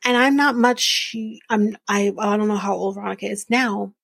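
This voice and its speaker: A woman's voice: mid-range voice, steady tone, normal speed, gravelly, fairly bright tone, breathy edge, no echo. A woman in her early thirties hosting a podcast, giving a blunt, profane, opinionated casual recap of a reality show. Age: early 30s. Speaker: podcast host.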